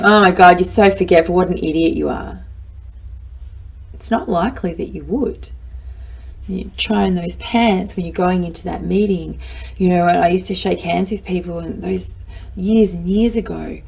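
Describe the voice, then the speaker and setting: A middle-aged woman giving a lively, playful motivational talk, acting out her own inner voice. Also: medium pitch, gravelly, breathy edge. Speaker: self-help speaker.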